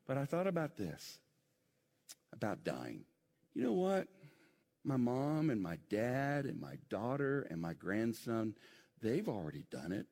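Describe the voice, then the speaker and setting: A middle-aged man preaching a sermon as pastor, swinging between loud emphasis and quiet intensity. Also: medium pitch, big pitch swings, measured pace, long pauses. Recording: long hall reverb.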